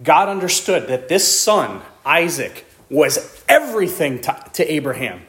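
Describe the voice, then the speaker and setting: Male preacher, fairly high voice, dramatic swings between soaring emphasis and hushed low lines. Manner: expressive preaching, voice rising high for emphasis then dropping low and quiet; reads scripture slowly in old-style wording. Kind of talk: sermon.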